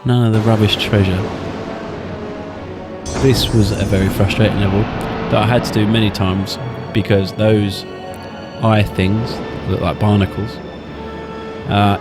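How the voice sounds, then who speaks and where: Wry man narrating gameplay. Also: on the low side. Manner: wry and chatty. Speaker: gaming channel host. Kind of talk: casual playthrough commentary.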